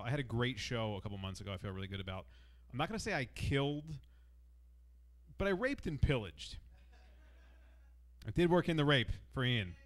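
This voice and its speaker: A male stand-up comic doing a set with a dry, self-mocking delivery. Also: medium pitch.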